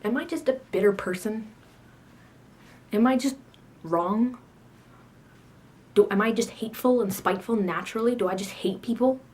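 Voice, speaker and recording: A woman's voice: fairly high pitch, moderate pace, long pauses, a little mellow. A teenage girl in a casual video blog, sassy and self-mocking, rambling about her day with frequent laughs. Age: teens. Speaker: video blogger. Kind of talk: casual chat to camera.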